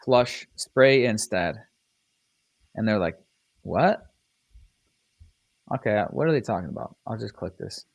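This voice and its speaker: A man's voice: lowish voice, very animated, moderate pace, gravelly, long pauses, darkish tone, slightly rough. A man hosting a live stream, talking casually with hyped energy, slang and a lot of swearing. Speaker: host of a live listing audit.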